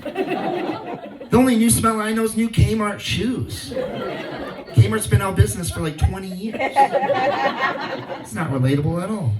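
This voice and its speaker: A man from Hawaii performs a stand-up set before a live crowd at an outdoor venue, telling laid-back stories and acting out the people he quotes in raised voices. His high voice is expressive and unhurried, with long pauses. The recording is echoey and off-mic from a distance, with the crowd audible.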